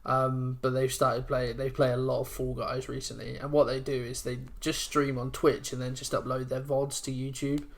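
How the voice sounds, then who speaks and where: A man's voice: mid-range voice, completely flat delivery, gravelly. Chatty young man, casual podcast. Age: 20s. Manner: chatty, rambling, reads aloud haltingly. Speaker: podcast co-host. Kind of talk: casual chat.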